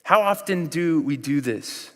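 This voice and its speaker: A man's voice: a little high, expressive, unhurried, long reverb tail. A man in his thirties with an American accent, preaching a sermon in a conversational, storytelling way and acting out quoted voices. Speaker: pastor.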